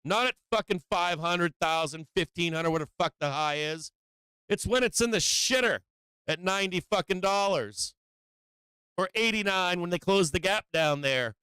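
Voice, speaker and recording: A brash male market-show host whose pitch runs a little high and whose voice sounds smooth and resonant. He swears freely and drives his points hard, then drops into a low explaining tone. He is recorded close up and dry. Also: moderate pace, dry recording. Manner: brash, profane, emphatic; swings between loud emphasis and low explaining. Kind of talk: profane live-stream market commentary.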